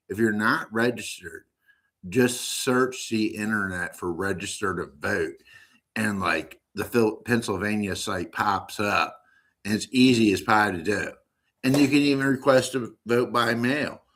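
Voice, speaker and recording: A man's voice: lowish voice, fairly bright tone. An American man hosting a live stream, rambling and joking in a loose, unfiltered monologue.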